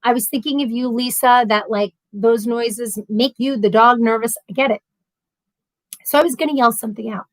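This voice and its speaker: A woman hosts a casual live stream, reading comments aloud and answering them one by one. Her voice sits a little high, and she talks in a loose, rambling way with animated storytelling. The sound is dry and close, with no room echo. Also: fairly quick. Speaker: livestream host reading viewer comments.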